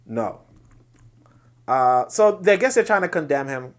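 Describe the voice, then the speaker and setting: Male podcast host, high voice, emphatic lecturing commentary. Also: very animated, measured pace, pauses often. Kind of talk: solo commentary on social media posts.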